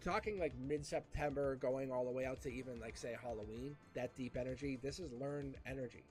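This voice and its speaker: A man giving a casual live tarot reading, animated and repeating himself with frequent restarts. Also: medium pitch, fairly quick, faint music behind. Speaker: tarot reader.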